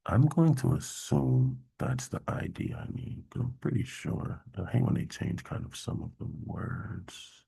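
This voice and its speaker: Male workshop host, very low and gravelly, husky tone, talks through his screen in a halting, exasperated way. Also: big pitch swings, dark tone. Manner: thinks aloud, halting with fillers, mildly exasperated. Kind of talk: casual screen-share coding walkthrough.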